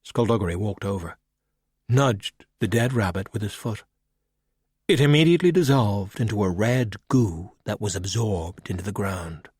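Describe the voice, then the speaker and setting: A man narrating an audiobook with a husky voice and lively pitch movement. He drops soft and quiet on the speech tags. The recording is close and dry. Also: moderate pace, dry recording. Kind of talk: scripted narration.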